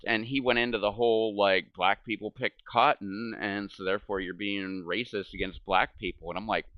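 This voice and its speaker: A middle-aged man from the US chats casually while streaming a game from home, swearing and chuckling at his own stories as he rambles. His lowish voice holds a steady tone at normal speed with hardly any pauses, and the dry recording has its highs cut off.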